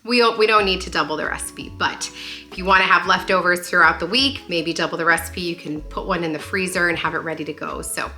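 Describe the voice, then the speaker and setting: A woman's voice: on the low side, quick pace, pushed and bright, soft background music. A woman hosting a cozy cooking vlog, chatting enthusiastically with a bubbly, self-deprecating manner and reading a sponsor segment.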